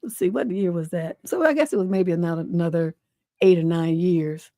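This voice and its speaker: A woman's voice: lowish voice, a little fast, dark tone, no room sound, studio quality. A middle-aged woman hosting a livestream advice show, reading a viewer's letter and then giving frank, folksy advice. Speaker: relationship advice host.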